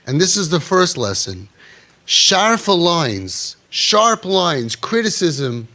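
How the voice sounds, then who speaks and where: A middle-aged man preaching through stories, his voice sitting a little high. He talks animatedly, acts out short bits of dialogue, then sinks to a low, quiet murmur to land a point. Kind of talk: storytelling sermon.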